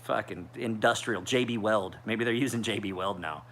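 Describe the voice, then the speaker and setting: A man's voice: on the low side, normal speed, fairly bright tone, slight background noise. A man in his forties rambling through a casual livestream chat as a knife sharpener, with profane storytelling. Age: 40s. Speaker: knife sharpener streaming live.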